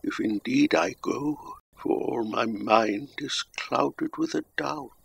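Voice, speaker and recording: A dying old king says farewell in a very slow, grave and sorrowful voice, as a male reader gives his lines. The tone is tender and weary. The voice sits at a middle pitch for a man. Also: gravelly, slightly rough, exaggerated voice.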